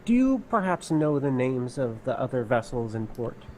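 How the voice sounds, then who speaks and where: A man's voice: mid-range voice, sing-song, normal speed, darkish tone, rough recording. A man playing his character in a tabletop game, speaking in a formal, courteous way. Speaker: player.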